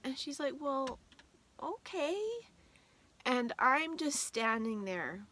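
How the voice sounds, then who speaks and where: A woman's voice: a little high, animated, unhurried, pushed and bright, slight background noise. A woman vlogger telling a personal story in a casual, rambling way with many fillers, emotional and holding back tears at times.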